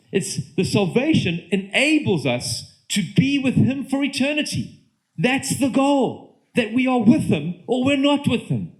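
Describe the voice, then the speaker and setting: A man with a British accent preaching a sermon to his church, earnest and often restarting his sentences. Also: high voice. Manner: earnest, halting with repeated restarts. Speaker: pastor.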